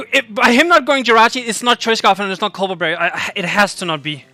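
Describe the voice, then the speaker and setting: A man with a high, very bright voice commentates his own game battle in an excitable rush. He swings from muttering to shouting in disbelief. The recording is dry and close, with faint music underneath. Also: quick pace, hardly any pauses, dry recording. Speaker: gaming youtuber.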